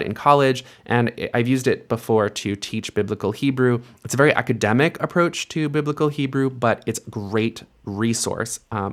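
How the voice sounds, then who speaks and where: A young man teaching Biblical Hebrew, explaining letters patiently step by step and slowing down to read verses aloud. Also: medium pitch. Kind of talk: instructional lesson with slow read-aloud.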